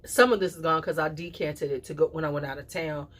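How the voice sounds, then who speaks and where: A woman talking casually to camera as a perfume reviewer, chatty and animated, with playful asides and quick drops to a whisper. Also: sits low. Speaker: perfume reviewer and channel host.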